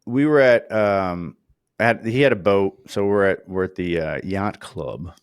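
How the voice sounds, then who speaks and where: A man's voice: low voice, a little slow, smooth, no room sound, studio quality. A man co-hosting a casual chat, telling stories with lots of fillers and acting out quoted voices. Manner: animated storyteller, acts out quoted voices. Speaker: podcast co-host.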